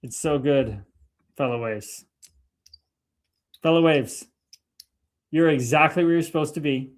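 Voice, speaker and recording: A man in his thirties chats on his own livestream and reads viewer comments aloud. His voice sits a little high, and he talks with a profane, fired-up energy that keeps turning to preachy spiritual phrases. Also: measured pace. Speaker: livestream host. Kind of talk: casual livestream chat reading comments. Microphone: streaming mic.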